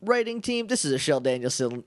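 A man co-hosting a casual podcast, recapping an episode. His voice sits a little high, and he talks in an animated, joking way, dropping quick impressions of the characters. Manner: jokey, animated retelling with quick bits of mimicry. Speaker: podcast co-host.

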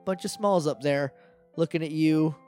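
A man's voice: on the high side, normal speed, darkish tone, faint music behind. A man narrating as game master of a tabletop role-playing podcast, loose and chatty with lots of fillers.

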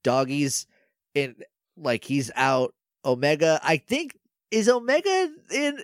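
A man co-hosts a podcast, chatting casually as he recaps an episode. His pitch swings widely while he acts out the characters' lines in playful voices, and the recording sounds close and dry. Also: lively intonation, slow, no echo. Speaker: podcast co-host. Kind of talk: casual chat recapping a show.

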